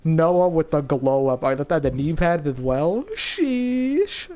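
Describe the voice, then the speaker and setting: A young man chatting excitedly as he comments on his own gameplay, laughing often. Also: a little high, moderate pace. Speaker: gaming YouTuber.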